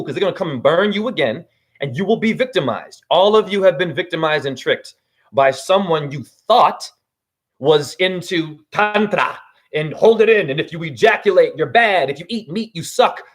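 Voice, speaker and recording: A man ranting on a live video, agitated, profane and preachy, and stopping to greet viewers in the chat. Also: high-pitched. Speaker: spiritual vlogger.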